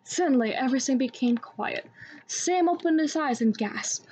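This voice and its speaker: A young woman reading a children's book aloud in a steady storytelling manner. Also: on the high side, a little slow, slight background noise. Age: young adult. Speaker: student volunteer reader. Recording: dull lo-fi recording.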